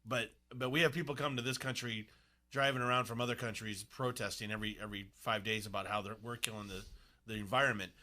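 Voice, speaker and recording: A man with a bright, forceful voice hosts a sports radio talk show. He rants bluntly and leans into sarcasm. He talks from a radio studio. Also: fairly low pitch, steady tone, quick pace. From United States.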